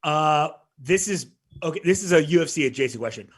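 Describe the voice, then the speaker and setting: A man's voice: on the high side, fairly quick. A man hosting a casual podcast, easygoing as he reads out quiz questions. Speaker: podcast host running a quiz.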